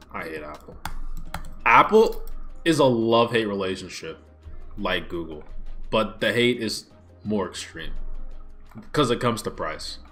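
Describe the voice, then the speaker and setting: A young man ranting in a casual livestream, exasperated and swinging his pitch widely, recorded on a smartphone. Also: fairly bright tone. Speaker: YouTuber streaming a watch party.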